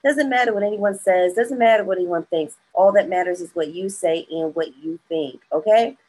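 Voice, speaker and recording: A woman's voice: lowish voice, normal speed, a little mellow, low-quality recording. A woman hosting a motivational morning show, upbeat and encouraging, who laughs easily, talking over a video call. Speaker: host.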